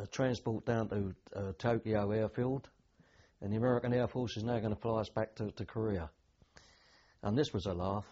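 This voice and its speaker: A man's voice: lowish voice, warm tone, breathy edge, dull audio. An older man, a veteran telling rambling anecdotes with dry humour in an oral history interview.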